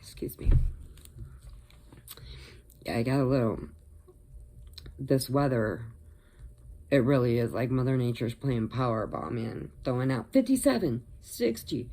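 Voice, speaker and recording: Chatty older woman with a gravelly, low voice. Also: animated, moderate pace, long pauses, warm tone. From Illinois. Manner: chatty, rambling, laughs often. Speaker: crochet vlogger. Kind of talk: casual chat.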